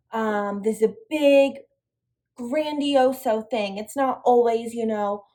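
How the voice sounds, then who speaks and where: A woman's voice: on the high side, a little mellow. A young woman leading an online devotional lesson for a girls' youth group, upbeat and encouraging as she speaks straight to the girls.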